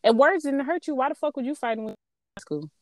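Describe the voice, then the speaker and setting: A woman's voice: high voice, lively intonation, fast, no echo. A woman and mother speaking in a casual chat, blunt and emphatic, swearing freely. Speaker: podcast co-host and mother.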